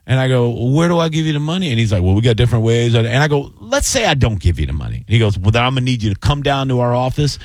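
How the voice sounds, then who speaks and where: Fast-talking man telling a story. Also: medium pitch, dry recording. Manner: animated, acts out both sides of phone calls. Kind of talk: casual chat, storytelling.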